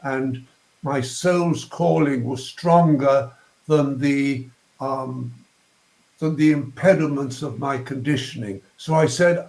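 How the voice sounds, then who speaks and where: Slow, posh older Englishman in an echoey room. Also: medium pitch, darkish tone. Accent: posh southern English. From England. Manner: slow, thoughtful, searching for words with ums and restarts. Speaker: guest. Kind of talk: reflective interview talk.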